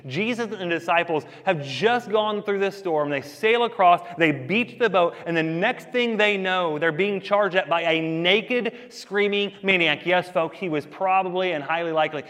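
A man preaching a sermon in a casual, conversational way, telling stories and swinging between loud and quiet. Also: high voice, moderate pace, few pauses. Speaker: pastor. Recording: long reverb of a large hall.

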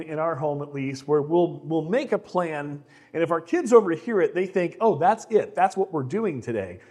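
Middle-aged male pastor, fairly high voice, chatty, self-deprecating sermon delivery. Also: darkish tone. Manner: conversational, self-deprecating, repeats words when starting sentences.

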